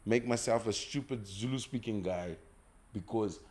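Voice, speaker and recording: Animated South African man hosting a podcast. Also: on the low side, moderate pace. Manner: animated, talks through points at length with restarts. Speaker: podcast host. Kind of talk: casual podcast chat.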